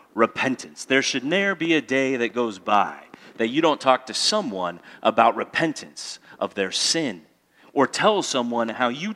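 A man preaching a sermon as pastor, rising to loud emphatic peaks, then dropping to quiet intensity, and calling on the congregation to answer back. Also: mid-range voice. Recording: long hall reverb.

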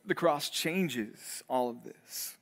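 High-voiced man preaching with fervor. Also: takes it slowly. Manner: earnest preaching, voice swelling and dropping low for emphasis; repeats and restarts words while building intensity. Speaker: pastor. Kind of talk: sermon.

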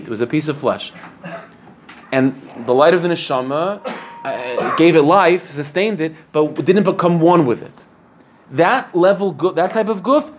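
A man's voice: a little high, slight background noise. A man giving a Torah lecture to a class, earnest and explanatory, posing rhetorical questions and using many fillers. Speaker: rabbi teaching a class.

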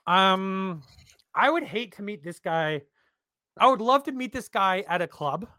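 With a high voice and a measured pace, this Canadian podcast co-host talks sports casually and bluntly. There's no echo, and he's animated, swearing freely as he goes.

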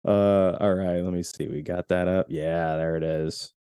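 Man, podcast host, low voice, mellow tone, dry close sound, chatty, laughs a lot. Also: unhurried, clean tone, no room sound. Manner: animated, laughs often, acts out quotes. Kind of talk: casual film discussion.

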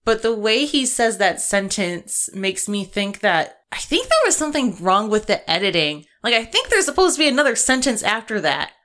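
Young woman, podcast co-host, bright tone, joking, blunt, casual swearing. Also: mid-range voice, big pitch swings, moderate pace, few pauses. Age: young adult. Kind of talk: casual recap chat.

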